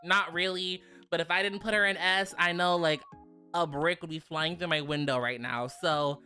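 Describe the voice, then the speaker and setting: A young adult woman chatting casually on a stream, animated, profane and quick to laugh. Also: lowish voice, soft background music. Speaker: virtual streamer.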